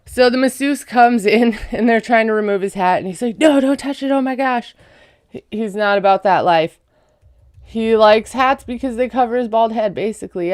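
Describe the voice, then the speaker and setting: A woman's voice: mid-range voice, a little mellow, smooth, no room sound, studio quality. A woman giving a casual, chatty recap of a reality show, full of sarcastic asides.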